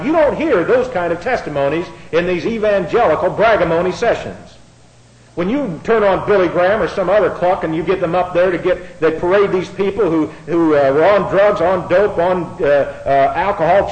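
A middle-aged man preaches a sermon with a folksy, sarcastic manner, moving between quiet asides and loud outbursts. His voice sits high, and the recording is low quality.

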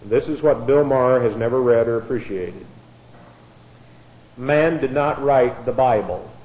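A man's voice: medium pitch, measured pace, a little mellow, roomy sound, highs cut off. A man teaching a bible class, spelling out words letter by letter and repeating himself as he explains.

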